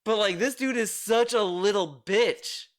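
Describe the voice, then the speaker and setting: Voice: mid-range voice, a little slow. A streamer giving exasperated, ranting commentary on a video, swearing freely. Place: home streaming room.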